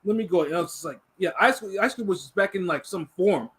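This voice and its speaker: Male co-host, high and bright, chatty with stuttering restarts. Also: fast talker, breathy edge. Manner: stammering restarts, laughs often. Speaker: podcast co-host. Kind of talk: casual chat.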